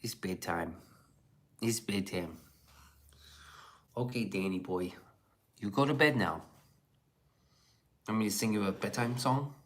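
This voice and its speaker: A man's voice: fairly low pitch, unhurried, pauses often. A man streaming live, reading chat messages aloud and riffing on them in loose, profane, casual talk.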